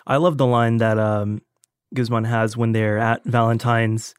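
A man's voice: medium pitch, level tone, a little slow, clean tone, no room sound. Easygoing man chatting about films, dry sound. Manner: agreeable, full of fillers like 'yeah' and 'like'. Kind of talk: casual film discussion.

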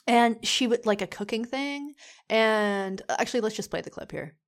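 A woman's voice: a little high, expressive, moderate pace, noisy background. A woman co-hosting a podcast in casual chat, talking with lots of fillers and restarts. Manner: chatty, many fillers and restarts. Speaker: podcast co-host.

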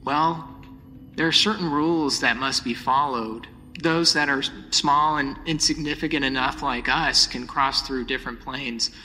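A man's voice: mid-range voice, a little slow, bright, forceful tone. A game master voicing a creepy, coldly polite male robot villain who lectures. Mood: ominous. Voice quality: cold, eerily polite, lecturing. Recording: long reverb, faint hiss.

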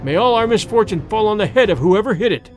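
A man voicing a stern grown man who heads a family, firm and given to furious shouting. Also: high voice, expressive, fast talker, soft background music, pitched above the performer's own voice. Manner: firm, then shouting in fury. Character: stern grown male head of a family, grim.

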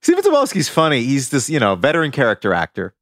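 Animated man with a lively voice. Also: medium pitch, quick pace, dry recording, studio quality. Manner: animated, enthusiastic, laughs often. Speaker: podcast co-host. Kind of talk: casual film-trivia chat.

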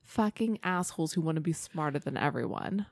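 Very low-voiced emphatic woman. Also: animated, brisk, darkish tone, no room sound. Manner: emphatic and profane. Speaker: podcast co-host. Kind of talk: casual chat.

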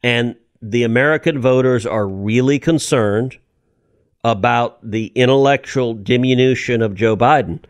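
Animated self-mocking man in his fifties. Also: medium pitch, unhurried, no room sound. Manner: animated, self-deprecating, restarts often. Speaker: politician guest. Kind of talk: casual interview storytelling.

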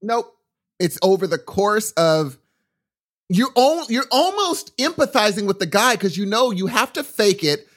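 A middle-aged man on a casual podcast, telling a long story with lots of restarts and asides. His voice sits a bit high for a man, and his tone keeps swinging up and down as he gets worked up. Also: a little slow. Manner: rambling, animated storytelling with restarts. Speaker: podcast co-host. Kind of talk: casual chat.

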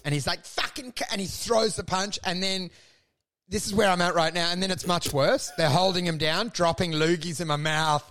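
A man, co-hosting a comedy podcast, rambling through crude stories and acting out scenes in shouted high voices. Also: fairly even intonation, normal speed. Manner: crude, swears often. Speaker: podcast co-host.

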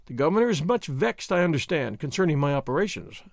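A man doing a gallant masked highwayman. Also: big pitch swings, fast talker, vocal fry, no echo, studio quality. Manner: flowery, gallant, theatrical. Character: dashing masked male highwayman, gallant and bold. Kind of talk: audiobook character voice.

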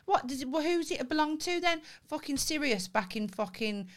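A woman co-hosting a podcast, joking in excitable, sweary banter. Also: sits high, normal speed, a little hiss or hum. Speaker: podcast co-host. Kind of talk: casual chat.

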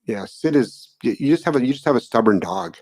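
A man hosts a live dog-training question-and-answer show in a calm, flat monotone. His answers are blunt and profane. His voice sits at a middling pitch and sounds dry and close, with no room echo. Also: brisk. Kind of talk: casual live Q&A.

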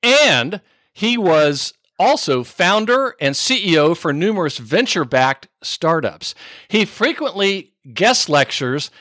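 Lively upbeat male podcast host. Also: high-pitched, slow pace, dry recording, clean studio sound. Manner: upbeat, playful, laughs easily. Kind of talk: scripted podcast introduction and interview.

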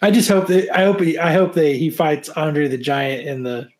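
A man's voice: a little high, fairly even intonation, moderate pace, darkish tone. A man in a casual podcast chat, rambling, laughing often and swearing freely.

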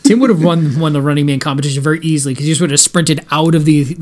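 Animated man in casual movie chat. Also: fairly high pitch. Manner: animated, fast bursts, laughs often. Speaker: podcast co-host.

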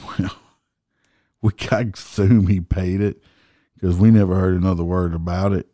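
Middle-aged cop, deep and dark-toned, blunt and profane. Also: male voice, steady tone, normal speed, pauses often, no echo, clean studio sound. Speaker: motorcycle police officer, podcast host. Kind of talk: casual storytelling.

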